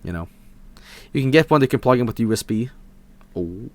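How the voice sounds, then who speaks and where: A young Swedish man with a Swedish accent, chatting casually on a live stream, excitable and profane, swinging from mumbles to shouts. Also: medium pitch, fairly quick, no room sound. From Sweden.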